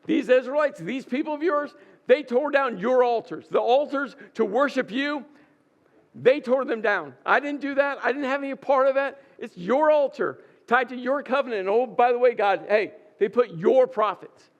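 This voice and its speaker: Preacher guy playing a fed-up prophet pleading with god, high voice, leaning hard on words. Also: takes it slowly, highs cut off. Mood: insistent. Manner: insistent, stressing words. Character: exasperated defensive male prophet pleading his case.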